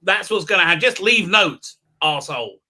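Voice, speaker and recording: A man with a high, very bright and piercing voice hosts a live talk stream. He mocks what he reads in a sarcastic, crude way, swearing freely and often shouting. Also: animated, brisk. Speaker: show host. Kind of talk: mocking live stream commentary.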